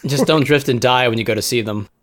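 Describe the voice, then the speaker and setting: Deadpan dude throwing crude one-liners on a podcast, average voice. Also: male voice, mid-range voice, quick pace, slight background noise. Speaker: podcast co-host. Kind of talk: casual crude podcast banter.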